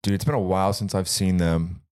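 A man's voice: deep voice, fairly even intonation, fairly quick, a little mellow, clear, resonant tone. A young man co-hosting a podcast, chatting casually in a laid-back, slangy way. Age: young adult. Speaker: podcast co-host. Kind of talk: casual chat.

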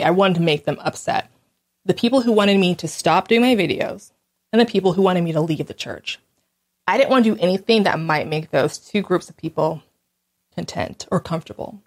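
A woman talking alone in a casual monologue, blunt and candid, recounting things in an animated way, with quick restarts and small laughs. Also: lowish voice. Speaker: host.

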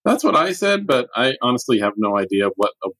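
A man's voice: mid-range voice, sing-song, a little fast, a bit bright, dry recording, rough recording. A man who is a novelist, chatting as a podcast guest in a dry, understated way. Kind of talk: casual chat.

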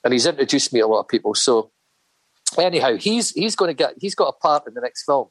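A man, a podcast guest telling casual anecdotes in an animated way with laughs. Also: mid-range voice, fast, dry recording, rough recording. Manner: animated anecdotes with acted-out voices, laughing often. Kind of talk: casual storytelling chat.

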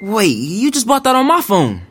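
A woman playing a young adult daughter in a TV ad, with a husky voice. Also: on the high side, wildly swooping pitch, normal speed, noisy background. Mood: surprised. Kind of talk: TV ad acting.

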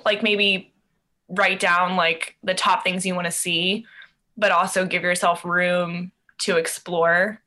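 A woman's voice: on the low side, pushed and bright. A woman, a podcast guest, giving travel advice in a reflective, thinking-aloud way.

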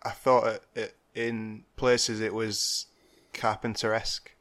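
A man co-hosting a podcast in casual film chat, talking hesitantly with many pauses and trailing phrases. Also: fairly low pitch, flat delivery, fairly bright tone. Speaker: podcast co-host.

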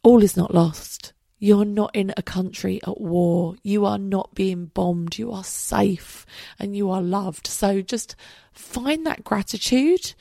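A woman's voice: medium pitch, slow, creaky, warm tone, no echo, clean studio sound. A young woman hosting a solo podcast late at night, chatty and candid, swearing freely, her voice tired and worn out. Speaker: podcast host. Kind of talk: casual solo podcast monologue.

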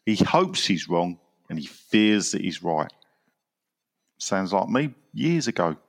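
A man's voice: low-pitched, very animated, slow pace, creaky. A man hosting a casual football podcast, reading out listener messages in a dry, wry way and laughing at his own jokes.

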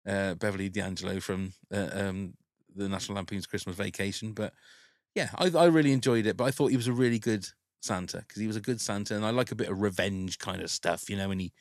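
A man's voice: fairly low pitch, fairly even intonation, fast talker, no echo, studio quality. A man hosting a casual podcast chat, talking in a rambling, chatty way that often breaks off mid-thought. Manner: rambling, self-interrupting, chatty. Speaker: podcast host.

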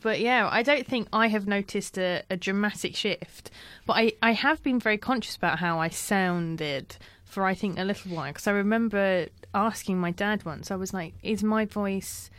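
A woman's voice: medium pitch, moderate pace, few pauses, a bit bright, no room sound. A young woman in her twenties chatting in a radio studio, giggly and self-conscious. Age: 20s. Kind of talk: casual studio chat.

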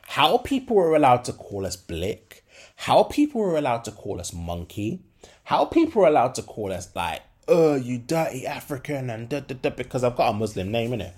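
A man's voice: medium pitch, huge pitch swings, brisk, a little mellow, husky. A young adult man, hosting a solo podcast and talking candidly in slangy speech with many fillers. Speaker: podcast host.

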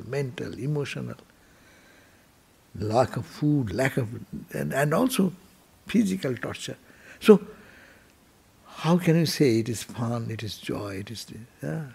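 Male monk, sermon delivery, gravelly low-key timbre, swings between impassioned lifts and hushed falls. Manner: storytelling with sudden emotional rises and hushed drops. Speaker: monk giving a Sunday temple talk. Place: temple hall.

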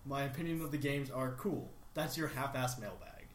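A man's voice: medium pitch, moderate pace. A young man hosting a casual podcast, reading listener emails aloud with wry asides. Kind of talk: casual chat. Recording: echoey room with faint hiss.

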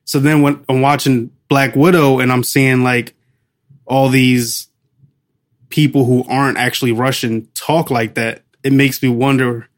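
A man's voice: mid-range voice, level tone, measured pace. Chatty man co-hosting a movie podcast. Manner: chatty, laughs often, trails off searching for names. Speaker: podcast co-host. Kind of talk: casual movie review chat.

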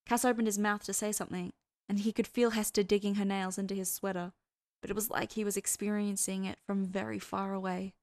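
A woman's voice: medium pitch, level tone, darkish tone, no room sound. Woman narrating a story, dry close sound. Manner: measured storytelling, voicing characters. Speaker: fan fiction reader. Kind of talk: audiobook-style story narration.

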